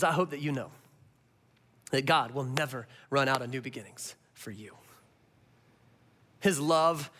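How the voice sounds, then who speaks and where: A male pastor preaching a sermon, telling the story with animated, impassioned delivery that swings between loud and soft. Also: high voice. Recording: long reverb of a large hall.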